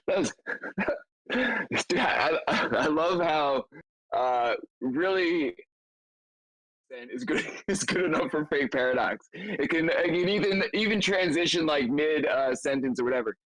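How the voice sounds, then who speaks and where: A man's voice: fairly high pitch, expressive, measured pace, fairly bright tone, no echo, rough recording. A man hosting an online meetup in a loose, laughing casual chat with many fillers. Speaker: meetup host.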